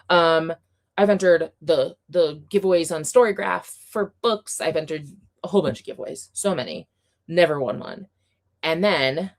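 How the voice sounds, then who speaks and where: With a deep voice, a young woman running a livestream talks with her audience in a relaxed, excitable way, full of filler words and frequent bursts of laughter.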